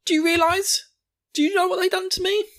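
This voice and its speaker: A man's voice: very high-pitched, steady tone, a little fast, a bit bright, pitched above the performer's own voice. A man voicing a furious teenage girl soldier who rants shrilly and swears about revenge.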